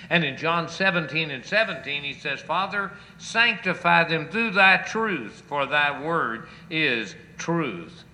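A man's voice: fairly high pitch, pushed and bright, slight background noise, poor audio. A male pastor preaching a sermon, quoting scripture with chapter and verse and pressing his listeners with rising rhetorical questions.

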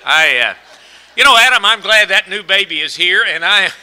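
A man's voice: high voice, lively intonation, moderate pace, bright, forceful tone, clean tone, poor audio. A man preaching a folksy sermon, asking his congregation question after question and stretching out the key words. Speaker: pastor.

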